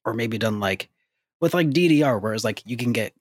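A man chatting on a podcast, circling his points with lots of fillers and hedges. The sound is close and dry. His pitch sits in the middle for a man. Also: animated, a little fast, no room sound. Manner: rambling, hedging with "I feel like". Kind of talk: casual chat.

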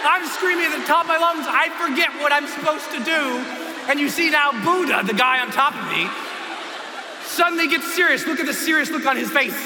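A man giving a motivational speech on stage, telling a story with animated shouting and bursts of screaming, in an echoey hall. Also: very high-pitched, brisk, a crowd in the background, noisy background. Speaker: motivational speaker.

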